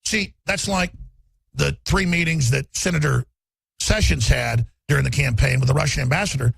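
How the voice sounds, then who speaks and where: A male talk radio host giving rapid, mocking political commentary. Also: mid-range voice, vocal fry, fairly bright tone, husky, no room sound.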